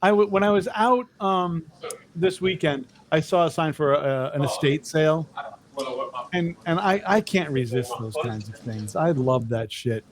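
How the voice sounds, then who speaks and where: A man's voice: on the high side, measured pace, crowd noise. A middle-aged man co-hosting a podcast, telling rambling, profane stories in casual chat. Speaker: podcast co-host.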